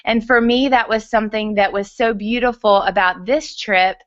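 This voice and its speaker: A woman's voice: medium pitch, fairly even intonation, normal speed, no echo, muffled recording. An enthusiastic woman from the United States speaking to a conference audience in a motivational stage talk.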